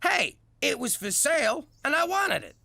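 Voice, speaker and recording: A brash, gravelly mobster dad. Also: male voice, very high-pitched, sing-song, moderate pace, a little hiss or hum, heavily acted. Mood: doting. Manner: brash and shouty, then soft and pleading. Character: loud doting mobster dad who owns a strip club. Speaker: father.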